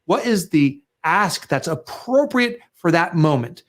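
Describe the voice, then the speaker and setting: A middle-aged man with a somewhat high voice talks business with energy and emphasis. He is an author guesting on a show, and he acts out sales pitches in quick, lively asides. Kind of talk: animated business talk.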